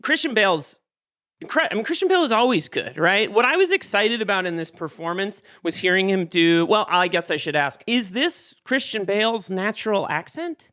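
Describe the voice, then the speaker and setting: A man's voice: high-pitched, expressive, moderate pace, bright, forceful tone. A man co-hosting a film podcast, casual and curious, asking eager questions. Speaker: podcast co-host.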